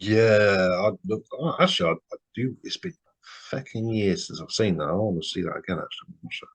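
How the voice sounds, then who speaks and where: A man's voice: on the low side, lively intonation, brisk, husky. A man co-hosting a casual film podcast, laid-back, swearing casually and murmuring agreement. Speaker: podcast co-host.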